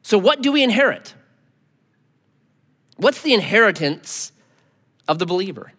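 Animated high-voiced male preacher. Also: a little slow, long reverb tail. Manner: animated, conversational preaching with dramatic drops to near-whisper. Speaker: pastor. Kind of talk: sermon.

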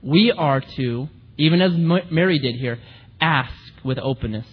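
A man preaching a sermon in an animated way, acting out the voices of the people he quotes. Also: medium pitch, normal speed, slightly rough. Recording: muffled recording in a reverberant hall.

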